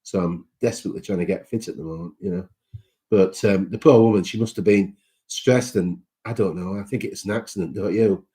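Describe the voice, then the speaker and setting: A man's voice: sits low, brisk, dark tone. A man hosting a casual live chat, reading out viewer comments and greeting people by name in a sentimental way.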